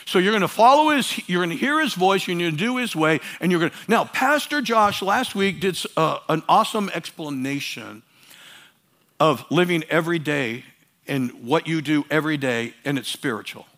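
High-voiced man preaching a sermon. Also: lively intonation, moderate pace. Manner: emphatic, swings between loud urging and quiet asides; repeats phrases for emphasis. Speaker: pastor.

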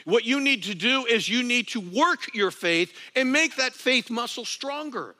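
A man preaching a sermon as pastor, animated, dropping to soft asides and rising to loud emphasis, sometimes laughing at himself. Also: extremely high pitch, a little slow.

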